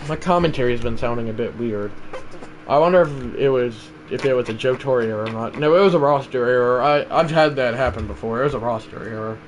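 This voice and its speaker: A man live-streaming a baseball video game, chatting to viewers and breaking into loud play-by-play calls. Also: medium pitch, a little fast, a little hiss or hum, poor audio. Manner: rambling chat to viewers, bursting into shouted play-by-play calls. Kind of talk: live game commentary and chat.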